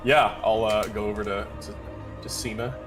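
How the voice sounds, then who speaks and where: A man's voice: on the low side, steady tone, normal speed, music in the background. Hesitant man mid tabletop game. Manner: hesitant, full of fillers. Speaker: player. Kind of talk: casual tabletop game chat.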